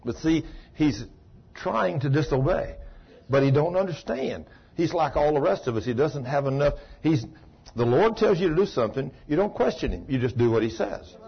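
A man preaching a sermon, telling a long story. He swings from ecstatic shouts down to a low, chatty retelling. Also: animated, normal speed, gravelly, husky. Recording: dull lo-fi recording.

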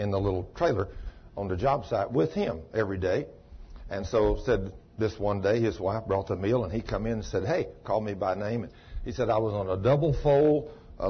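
A man preaching a sermon, telling a long story. He swings from ecstatic shouts down to a low, chatty retelling. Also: breathy edge. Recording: dull lo-fi recording.

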